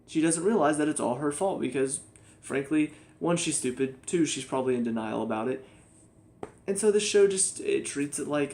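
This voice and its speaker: A man's voice: medium pitch, brisk, a little mellow. Exasperated man ranting a TV review. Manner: exasperated, ranting, mocks characters in quoted voices. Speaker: TV show reviewer. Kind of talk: casual opinion review.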